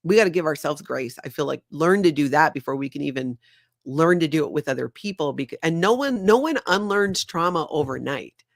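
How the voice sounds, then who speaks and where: A woman's voice: deep voice, expressive, fairly quick, vocal fry, no room sound. A woman hosts a livestream in an earnest, confiding tone, reading viewer comments aloud as she goes. Her voice is recorded dry and close, with no room sound. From former member of a high-control group. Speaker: livestream host.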